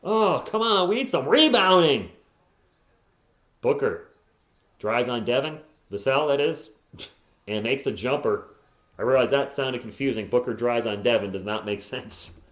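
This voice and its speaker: Partisan fan calling a game, echoey lo-fi mic. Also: male voice, medium pitch, animated, a little slow, long pauses. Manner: partisan, bursts into frustrated yelling at players. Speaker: fan play-by-play streamer. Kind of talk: live play-by-play commentary. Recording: echoey, dull lo-fi home mic.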